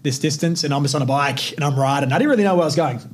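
An Australian man tells a personal story as a podcast host. He sounds lively and profane, with a voice pitched a little above the usual for a man, and he acts out the dialogue as he goes. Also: rapid-fire. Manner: animated, profane, acts out quotes.

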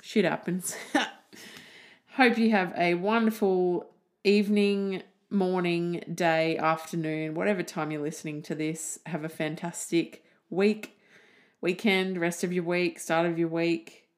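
A woman hosting a casual solo podcast, chatty and animated, swearing freely. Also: on the low side, measured pace. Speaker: podcast host.

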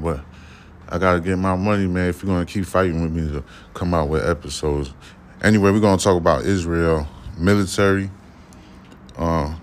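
A young man hosting his own podcast, reading news stories and riffing on them in a loose, profane, rambling way with many fillers. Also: deep voice. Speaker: podcast host. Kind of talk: casual solo podcast news commentary.

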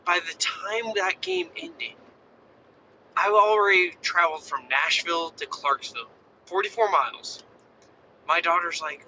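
Man, 30s, casual storyteller, high and lively; muffled recording. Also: measured pace, a little hiss or hum. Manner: animated storytelling, acting out kids' voices. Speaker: father. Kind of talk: casual chat.

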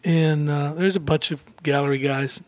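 A man, a guest on a talk show, telling an anecdote in a casual, animated way, acting out quotes and laughing often. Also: fairly high pitch, normal speed, no echo. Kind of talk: casual storytelling interview.

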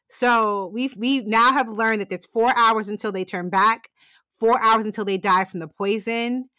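A woman with a fairly high, bright, forceful voice recaps an episode in a casual podcast chat. She tells it with animated sarcasm and swears freely. The sound is dry and close. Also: measured pace, no room sound. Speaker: podcast co-host.

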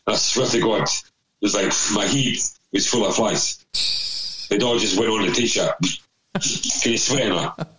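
A man's voice: lowish voice, a little slow, long pauses, background noise. A man telling a rambling anecdote over casual chat, swearing constantly. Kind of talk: casual storytelling.

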